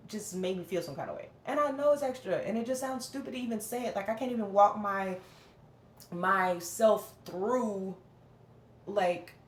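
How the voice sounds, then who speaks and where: A woman venting to camera in a candid, rambling personal rant, often dropping low and flat to mimic what others said. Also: reverberant, slight background noise. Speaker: vlogger.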